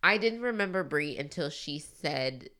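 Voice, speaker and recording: A woman co-hosting a podcast in casual chat, laughing often and mocking people with quick put-on quotes. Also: deep voice, lively intonation, bright, forceful tone. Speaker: podcast co-host.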